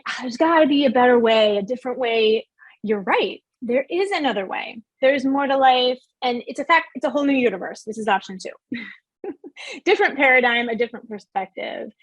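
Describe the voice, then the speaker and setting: A middle-aged woman with a high voice leads a motivational workshop. She speaks in an earnest, emphatic way and puts questions to her audience. The sound is dry and close. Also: no echo.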